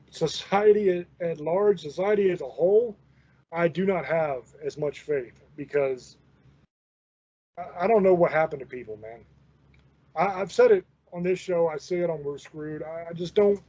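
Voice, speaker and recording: A man's voice: high-pitched, darkish tone, husky. A man in his forties hosting a show, telling a rambling, profane story in a folksy, casual way. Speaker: host. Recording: dull lo-fi recording.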